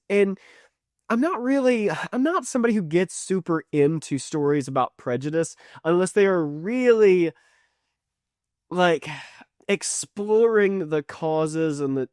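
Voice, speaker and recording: A man's voice: on the high side, a little mellow, dry recording. Chatty man reviewing, dry close mic. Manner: rambling, chatty, with fillers and restarts. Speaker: video reviewer. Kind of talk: casual retrospective review.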